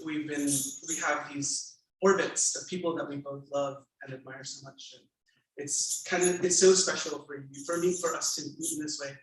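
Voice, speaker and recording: A male author thanking guests with halting, filler-heavy speech and then reading from his memoir at a bookstore event. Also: on the high side, steady tone. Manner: hesitant with many fillers, then measured reading. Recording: echoey room, mic far off.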